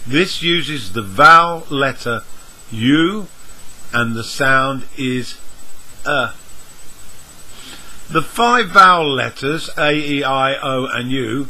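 Slow, bright-voiced husky male teacher. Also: mid-range voice, low-quality recording. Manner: spells out letters and sounds one by one, measured. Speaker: English pronunciation teacher. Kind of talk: slow, deliberate lesson explanation.

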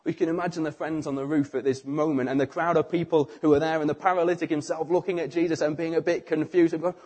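Husky-voiced British man preaching. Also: fairly high pitch, quick pace, hardly any pauses. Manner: animated storytelling, acting out the crowd's voices. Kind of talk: sermon.

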